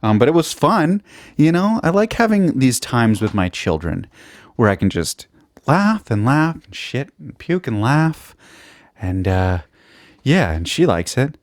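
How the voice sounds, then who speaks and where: A man's voice: medium pitch, very animated, unhurried, dry recording, clean studio sound. A young man hosting a solo podcast, rambling and swearing constantly, mocking himself as he jumps between topics. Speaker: podcast host.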